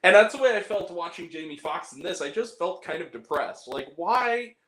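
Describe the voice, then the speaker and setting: A man with a high, very lively voice, talking in an animated way during a casual podcast chat about movies. He swears freely and throws in exaggerated reactions. The room has a noticeable echo. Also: normal speed. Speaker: podcast co-host.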